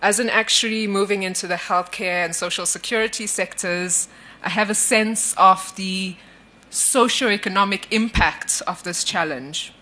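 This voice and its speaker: A woman's voice: mid-range voice, normal speed, bright, forceful tone. A woman giving a candid conference talk, laughing easily, on a stage microphone in a conference hall. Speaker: conference speaker, actuary. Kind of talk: conference presentation.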